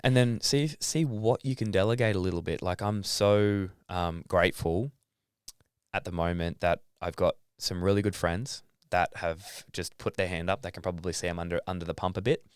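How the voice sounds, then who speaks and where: A man's voice: low voice, fairly even intonation, normal speed, clean tone, dry recording, studio quality. An Australian man, a young adult athlete, talking casually as a podcast guest, swearing now and then and acting out his own thoughts. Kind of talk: casual interview talk.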